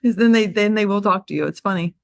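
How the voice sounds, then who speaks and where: A woman's voice: medium pitch, fast talker, dry recording, studio quality. An older woman who hosts a group call and gives a casual motivational talk, chatty and laughing at herself.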